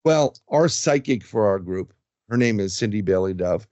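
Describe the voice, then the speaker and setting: This man investigates the paranormal and recounts his experiences in a casual interview, an animated storyteller who acts out what others said. His voice is on the low side at normal speed, in a dry, lo-fi recording.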